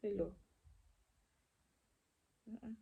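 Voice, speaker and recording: A woman's voice: drawn-out words, narrow, tinny audio. A young woman telling a chatty storytime to her viewers, often dropping into a whisper. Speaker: vlogger. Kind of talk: casual storytime chat.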